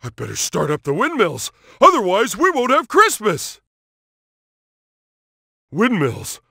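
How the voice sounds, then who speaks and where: An actor playing a dim, cheerful cartoon starfish who plays at being a superhero, with a goofy, childlike and emphatic way of talking. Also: male voice, high voice, huge pitch swings, slow, creaky, bright, forceful tone, husky, no room sound, studio quality, full character voice. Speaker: video game character. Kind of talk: cartoon game voice clips.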